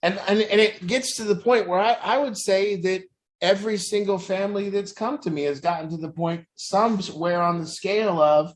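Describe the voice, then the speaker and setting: A man's voice: high voice, normal speed. A man who works as an addiction recovery coach, talking bluntly and intensely about truth in families and swearing often. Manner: profane, intense, preachy. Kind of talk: blunt motivational talk.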